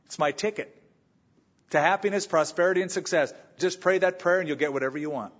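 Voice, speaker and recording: A man's voice: high-pitched, a little fast, fairly bright tone, muffled recording. A man preaching a sermon as pastor, telling stories and acting out the people he quotes. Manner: storytelling, acts out quoted voices. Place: church sanctuary.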